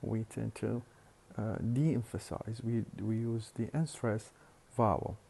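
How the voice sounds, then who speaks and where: Slow, gravelly-voiced male lecturer. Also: fairly low pitch, steady tone, warm tone. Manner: slow, deliberate explaining with hesitant fillers and repeated words. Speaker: phonetics lecturer. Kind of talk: recorded university lecture.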